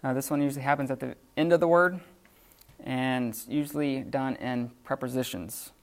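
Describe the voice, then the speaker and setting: A man lectures a beginner class in a casual, halting way, stopping often for ums and quick restarts. His voice has a gravelly edge and sits at a middle pitch. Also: steady tone. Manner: casual, filler-heavy explaining with frequent restarts. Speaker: Greek teacher.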